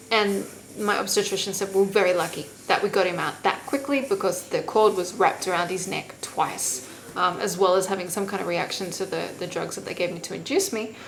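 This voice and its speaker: A woman's voice: medium pitch, fairly even intonation, moderate pace, a little hiss or hum, poor audio. A young woman vlogger telling a personal story in casual, candid talk, swearing freely and acting out what others said.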